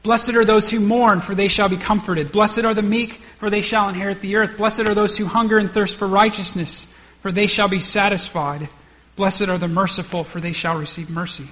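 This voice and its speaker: High bright-voiced man preaching. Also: fairly even intonation, normal speed, long reverb tail. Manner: acts out the characters' lines, many restarts. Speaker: pastor. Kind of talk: sermon.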